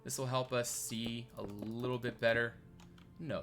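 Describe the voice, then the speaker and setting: Bright-voiced man chatting while he builds. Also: mid-range voice, little pitch movement, normal speed, faint music behind. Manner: rambling, thinks aloud, reads and answers chat. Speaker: streamer. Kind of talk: casual live-stream commentary while building.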